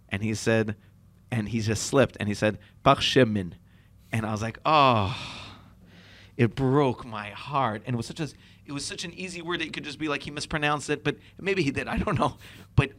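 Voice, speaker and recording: A man talking reflectively in a casual chat as a co-host, often restarting his sentences and laughing. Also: mid-range voice.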